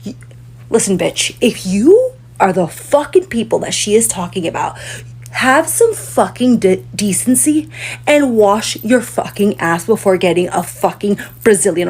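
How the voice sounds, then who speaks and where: A woman's voice: medium pitch, very animated, measured pace, darkish tone, husky. A woman delivering a profane, indignant reaction rant as a commentator. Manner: indignant, swearing heavily.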